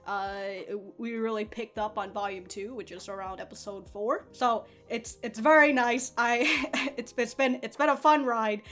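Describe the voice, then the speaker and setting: A woman's voice: fairly high pitch, steady tone, measured pace, few pauses, a bit bright, soft background music. A young woman hosting an anime reaction, chatting casually, laughing often, swearing freely and restarting her sentences.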